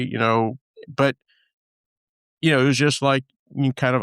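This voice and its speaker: Podcast host, man from Texas, mid-pitched, smooth voice, loose rambling delivery. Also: moderate pace, no echo, studio quality. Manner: rambling, many fillers and restarts. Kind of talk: casual chat.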